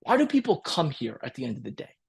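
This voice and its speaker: A man leads a high-energy live training webinar, repeating his points, often checking in with "right?", and acting out client dialogue in quick role-plays. His medium-pitched voice swoops wildly and sounds gravelly with a breathy edge.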